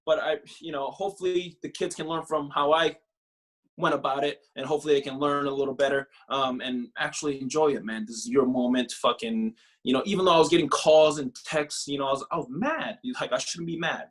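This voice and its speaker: A young man from Canada talks casually as a podcast guest, swearing freely and leaning on filler phrases. His voice sits a touch higher than most men's, and his delivery is animated. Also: fairly quick. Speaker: podcast guest, former pro baseball player. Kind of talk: casual interview storytelling.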